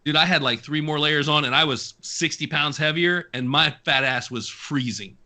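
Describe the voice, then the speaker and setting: Podcast guest, man, bright forceful tone, measured and easygoing. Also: on the high side. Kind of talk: casual podcast chat.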